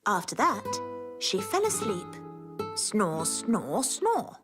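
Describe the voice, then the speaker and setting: A woman's voice: medium pitch, huge pitch swings, takes it slowly, over music. An actress playing a witch in a cartoon, telling a story animatedly and acting out its sounds. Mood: storytelling.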